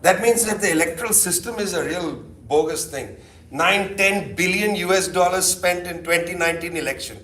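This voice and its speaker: A man's voice: sits high, moderate pace. A middle-aged man giving a keynote talk in a loose, sardonic, conversational way, full of asides. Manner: animated, sardonic, peppered with asides. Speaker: keynote speaker. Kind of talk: conversational lecture. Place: lecture hall. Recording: echoey hall, distant mic.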